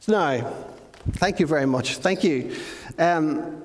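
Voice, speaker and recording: A man giving a lively storytelling sermon to children in church, often asking his listeners questions. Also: fairly high pitch, measured pace. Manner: animated, asks the listeners questions. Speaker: preacher giving a children's talk. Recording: long reverb of a large hall.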